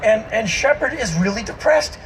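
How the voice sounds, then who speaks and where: A man giving an emphatic spoken-word monologue to a live audience on an outdoor festival stage, his delivery breaking into shouts. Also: extremely high pitch, animated, moderate pace, slight background noise, low-quality recording.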